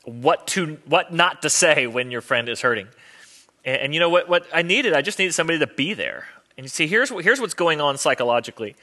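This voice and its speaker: A man's voice: on the high side, animated, brisk, pushed and bright. A man preaching a sermon as pastor in a conversational, earnest way with wry humor.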